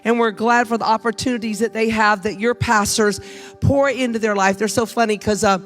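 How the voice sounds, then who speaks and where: An older woman preaching a Mother's Day sermon in church, humorous and lively, calling on the congregation to answer back. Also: a little high, fairly quick, soft background music. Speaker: guest preacher. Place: church sanctuary.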